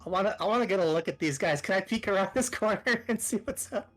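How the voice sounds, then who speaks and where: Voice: medium pitch, fast, a bit bright. A player in a tabletop game, joking and playing innocent in banter with the game master.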